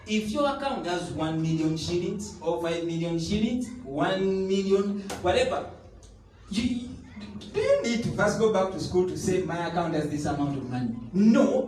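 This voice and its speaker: This high-voiced preacher has a darkish tone and delivers his sermon with emphasis, repeating key phrases and sometimes breaking into tongues or song. The mic is distant, leaving his voice off-axis in a reverberant room with slight background noise.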